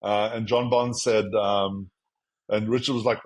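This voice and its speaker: An agency founder from South Africa tells his career story in a casual interview, animatedly quoting himself and others in dialogue. His medium-pitched voice is brisk, and the audio is poor.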